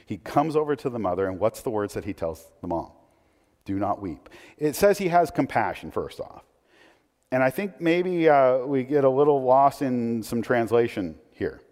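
A man preaching a sermon in a conversational, animated way, with asides and questions to the listeners. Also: mid-range voice, moderate pace. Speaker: pastor. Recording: long hall reverb.

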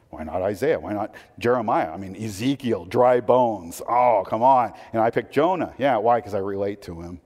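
A man preaching a sermon, moving between hushed, intimate lines and loud, emphatic proclamations. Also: fairly low pitch. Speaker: pastor. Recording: long hall reverb.

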